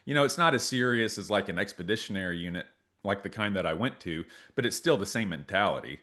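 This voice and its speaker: A man in his thirties co-hosting a casual podcast, telling stories with lots of energy. He jumps into loud, lively impressions of the people in his story, and his pitch swings widely from one sentence to the next. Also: fast. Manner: animated storyteller, acts out quotes loudly. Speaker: podcast co-host.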